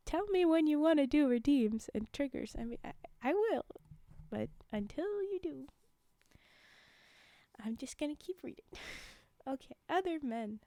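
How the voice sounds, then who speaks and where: A young adult woman reading folktales aloud on a livestream, chatty, pausing for casual asides and fillers. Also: high-pitched, animated, dark tone, dry recording. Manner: chatty, frequent laughs and fillers while reading. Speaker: livestream storyteller.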